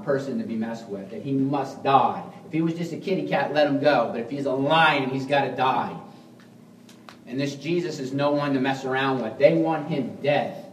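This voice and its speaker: A male pastor preaching to his congregation, earnest and unscripted, sliding between quiet stretches and forceful bursts and tripping over repeated words. His voice carries through an echoing sanctuary from a mic some distance away. A faint hum of the room sits underneath. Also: medium pitch. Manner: frequent restarts and repeated words. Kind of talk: sermon.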